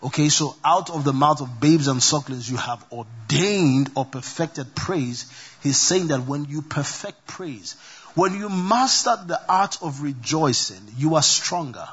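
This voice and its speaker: Husky man preaching a sermon. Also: fairly high pitch, expressive, unhurried, fairly bright tone, highs cut off. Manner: call-and-response preaching, repeats scripture references. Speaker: pastor.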